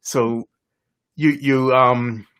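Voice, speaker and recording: A man's voice: mid-range voice, steady tone, very slow, fairly bright tone, clear, resonant tone. A man hosting a podcast interview, encouraging his guest and reading viewer comments from a live chat. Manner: encouraging, laughs along, reads viewer comments. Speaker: podcast host.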